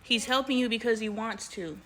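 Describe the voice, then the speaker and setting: A woman's voice: a little high, fairly even intonation, brisk, slight background noise. A woman in her thirties talking casually to camera in her home kitchen, chatting with viewers and scolding her kids between asides. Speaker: family vlogger. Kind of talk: casual vlog talk to camera.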